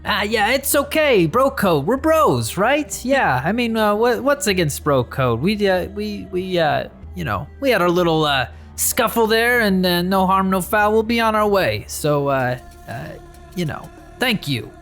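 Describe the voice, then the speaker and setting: A man puts on a nervous little kobold ringleader in a silk hat, his voice pitched well above his own and a touch louder. He stumbles through fillers, eager to smooth things over, in a tabletop game. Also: very animated, unhurried, soft background music, exaggerated voice. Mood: placating.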